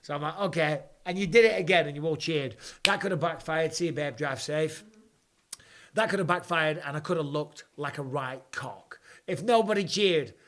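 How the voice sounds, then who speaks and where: A man hosting a live fight watch party from home, chatting with viewers and reacting excitedly, with casual swearing. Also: on the high side, moderate pace. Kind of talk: live watch-along commentary and chat.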